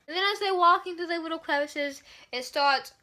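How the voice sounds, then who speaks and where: A woman's voice: very high-pitched, a little fast, sharp tone. A woman reviewing a movie in a casual, sarcastic, exasperated rant, swearing freely.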